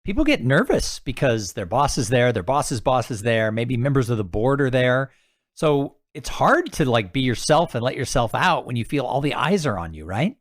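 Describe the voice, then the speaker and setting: A male podcast host who talks in a conversational way and shares his own stories. His pitch moves up and down in a lively way. The sound is dry and close. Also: normal speed, no room sound. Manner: conversational, relates personal anecdotes. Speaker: podcast host, professional speaker. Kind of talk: podcast interview.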